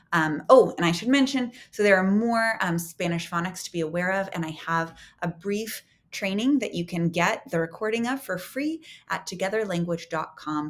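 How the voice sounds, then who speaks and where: A woman giving an instructional language lesson to teachers, slowly modeling words and speaking directly to the viewer in a friendly way. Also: medium pitch. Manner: slow careful modeling of pronunciations.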